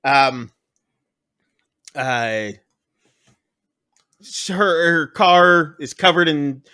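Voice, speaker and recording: A man co-hosting a casual podcast, rambling through a movie recap and acting out characters' lines in quick voices. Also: on the high side, animated, pushed and bright, smooth. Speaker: podcast co-host.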